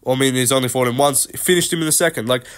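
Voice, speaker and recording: A man's voice: mid-range voice, fast talker. A young man hosting an unscripted fight-prediction vlog, rambling through his picks with lots of fillers and casual swearing. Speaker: MMA predictions host.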